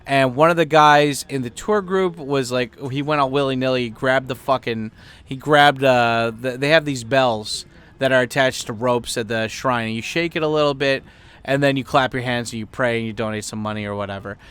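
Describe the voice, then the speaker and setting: Smooth-voiced man rambling and swearing. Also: mid-range voice, moderate pace, fairly bright tone. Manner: rambling, heavy fillers and swearing. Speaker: podcast host. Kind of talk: casual profane monologue.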